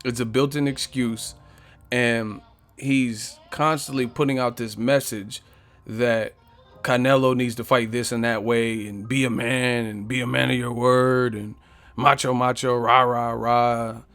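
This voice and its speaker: A man's voice: medium pitch, fairly even intonation, a little slow, a bit bright, soft background music. Profane joking man hosting a stream. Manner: profane, joking, trash-talks chat; reads viewer comments aloud. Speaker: boxing live stream host. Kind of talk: casual live stream chat.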